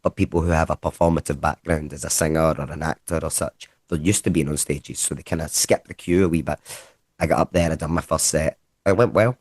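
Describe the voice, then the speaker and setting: A Scottish man, a comedian, chatting casually in an interview and telling rambling, lively anecdotes with some swearing. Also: a bass voice, a little fast, no room sound. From Scotland. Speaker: comedian guest. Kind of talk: casual conversational storytelling.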